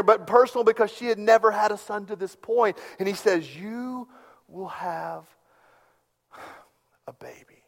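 A man preaching a sermon, telling stories and swinging from hushed tones to loud bursts. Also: high-pitched. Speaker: pastor. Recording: long hall reverb.

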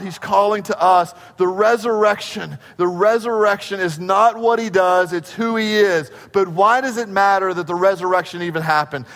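A man preaching a sermon as pastor, emphatic, slowing right down to stress key phrases and asking the congregation questions. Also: high-pitched, a bit bright. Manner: asks the congregation rhetorical questions. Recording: long reverb of a large hall.

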